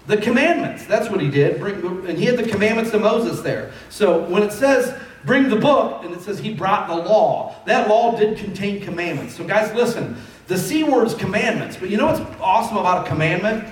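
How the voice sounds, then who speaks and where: A man preaches a sermon, chatty and storytelling, then rising to emphatic calls. His voice sits a little high. He is heard from a distance in a very echoey church hall, with faint noise behind him. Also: expressive, moderate pace. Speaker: pastor.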